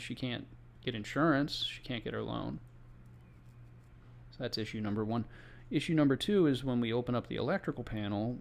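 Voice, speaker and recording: A Florida home inspector with a creaky, medium-pitched voice tells a story from his job. He speaks casually in the first person, tossing in exasperated asides.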